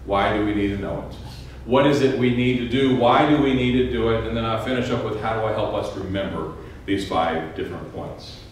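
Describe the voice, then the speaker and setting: A man preaching a sermon as a pastor, telling a joke story with a dry, wry humor and halting, repeated starts. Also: on the low side, a little hiss or hum. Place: church sanctuary. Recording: echoey church room from a distant mic with faint ambience.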